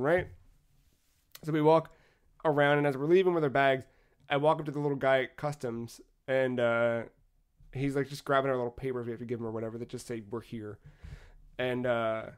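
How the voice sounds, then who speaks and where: A man co-hosting a podcast, telling a travel story in a casual, animated way with frequent swearing. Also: medium pitch, brisk, pauses often, clean tone. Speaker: podcast co-host.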